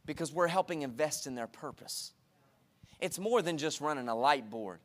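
A man preaching a sermon in a church, energetic and repetitive, calling for responses from the congregation. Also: on the high side, moderate pace. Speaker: pastor. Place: church sanctuary.

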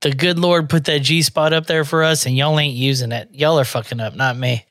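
A man's voice: on the high side, steady tone, brisk, a bit bright, no echo, clean studio sound. A man in casual podcast chat, brash and teasing, often laughing.

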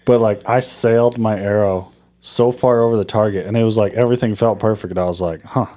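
A man with a deep voice talks casually on a podcast. He shares his stories in an earnest, open and relaxed way. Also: fairly quick. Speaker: podcast co-host. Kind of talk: casual chat.

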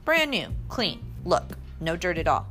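Woman reading as a calm, easygoing dad. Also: lowish voice, faint music behind, full character voice. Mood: reassuring. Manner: unhurried, soothing and reassuring. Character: calm, easygoing, good-humored father. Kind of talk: storybook reading.

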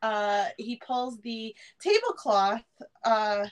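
A woman's voice: fairly high pitch, very animated, slow pace, clean tone. A woman co-hosting a casual movie review podcast, playful and correcting herself as she goes. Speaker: podcast co-host. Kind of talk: casual film review chat.

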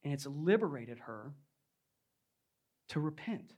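A male pastor delivering a sermon in a relaxed, conversational way. His voice sits a touch higher than most men's. He tells stories, peppering them with "like" and "right?". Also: slow, slightly rough. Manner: conversational preaching with frequent "like" and "right?".

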